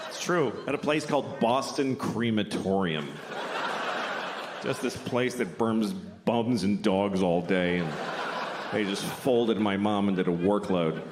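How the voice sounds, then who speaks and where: A middle-aged man doing a deadpan stand-up comedy set, now and then breaking into loud shouted bits. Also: on the low side, a little slow. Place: comedy club stage before a laughing audience. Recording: roomy live club recording, noisy.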